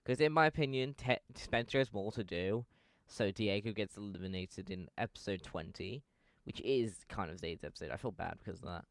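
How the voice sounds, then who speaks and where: A man's voice: fairly low pitch, brisk, creaky. A young man giving casual fan commentary, rambling and correcting himself with lots of fillers.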